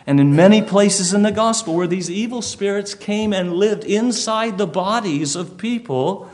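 A man's voice: sits high, moderate pace, darkish tone. A male preacher giving a sermon, telling a vivid story and putting questions to his listeners.

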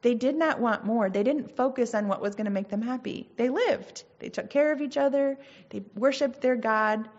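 A woman's voice: on the high side, moderate pace, dull audio. Earnest woman giving casual devotional talk. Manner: earnest, conversational, reads scripture aloud. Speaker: Christian teacher.

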